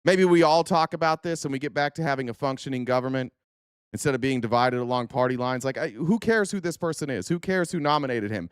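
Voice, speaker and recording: A man's voice: mid-range voice, fast, clean tone, dry recording, studio quality. A man hosting a political livestream, reacting to a hearing clip in an angry, profane rant aimed at his chat. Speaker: political commentary host.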